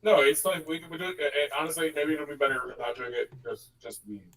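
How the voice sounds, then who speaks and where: A man's voice: a little high, fairly quick, a bit bright. A man chatting casually with fellow tabletop game players, hesitant and stammering as he eagerly goes along with the others. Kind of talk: casual chat among players. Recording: voice a bit far from the mic.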